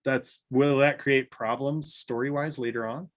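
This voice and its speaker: A man co-hosting a casual podcast chat, enthusiastic and quick to laugh. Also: mid-range voice, steady tone. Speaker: podcast co-host.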